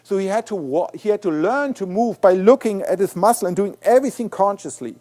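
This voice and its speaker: A man with a German accent delivers an academic lecture in a lecture hall. His voice sits high for a man, and he explains eagerly, often backing up to repeat a word before pressing on. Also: fairly quick. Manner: animated, explanatory, frequent restarts and repeated words. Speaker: guest lecturer, neuroscientist.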